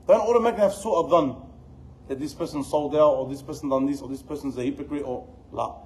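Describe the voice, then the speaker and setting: A middle-aged man giving a religious lesson, telling stories in an animated way and mixing in Arabic phrases. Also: on the high side, rough recording. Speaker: Islamic teacher.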